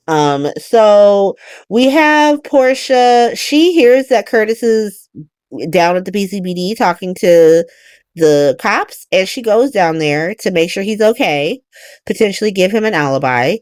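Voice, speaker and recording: A woman's voice: mid-range voice, darkish tone, smooth, dry recording, clean studio sound. A woman casually recapping a soap opera as host, blunt and profane, acting out the characters' lines.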